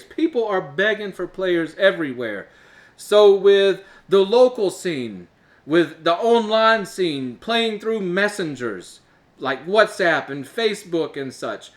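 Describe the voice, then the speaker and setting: Chatty congested man, high voice. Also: a bit bright. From Alabama, US. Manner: rambling, chatty, with filler uhs and laughs. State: stuffed-up nose, congested. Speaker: show host. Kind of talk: casual solo talk to camera.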